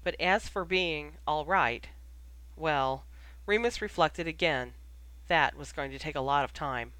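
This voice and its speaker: An audiobook reader giving an even, measured narration of a story. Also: mid-range voice, dry recording. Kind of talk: fan fiction audiobook narration.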